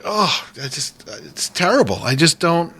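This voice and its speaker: Bright-voiced joking man. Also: on the high side, lively intonation, measured pace, slight background noise. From New England. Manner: rambling, jokey, puts on silly voices. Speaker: guest co-host. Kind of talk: casual podcast banter.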